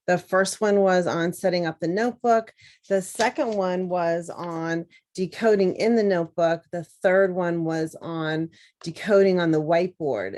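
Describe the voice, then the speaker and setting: A woman teacher, slowly and carefully sounding out words in an instructional demonstration. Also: lowish voice, a little mellow, poor audio. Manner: slow, deliberate, sounding out words.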